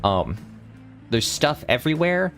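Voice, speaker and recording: Lively young man telling a story. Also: on the high side, unhurried, faint music behind. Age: young adult. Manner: rambling, animated anecdote telling with fillers. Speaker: streamer host. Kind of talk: casual chat storytelling.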